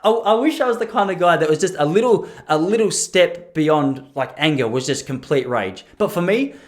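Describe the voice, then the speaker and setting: Rambling lively-voiced man. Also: on the high side, moderate pace. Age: 30s. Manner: self-deprecating, rambling with restarts and laughs. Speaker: podcast host. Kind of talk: solo rambling podcast monologue.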